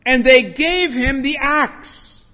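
A man preaching a sermon to his congregation, lively and animated, acting out the scripture story in voices. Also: extremely high pitch, slow. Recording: muffled echoey hall.

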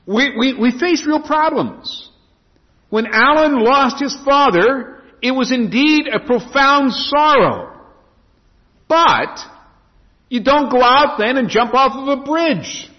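A man's voice: very high-pitched, slow. A man preaching a sermon as a pastor, swinging his emphasis up and down as he reads and explains scripture. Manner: preaching with lively rising and falling emphasis. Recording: dull lo-fi sound in a reverberant hall.

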